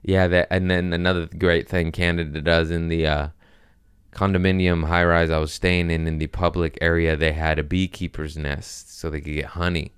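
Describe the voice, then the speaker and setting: A man's voice: deep voice, level tone, moderate pace, clean tone, dry recording, studio quality. A man hosting a comedy podcast, rambling casually with profanity and jokes.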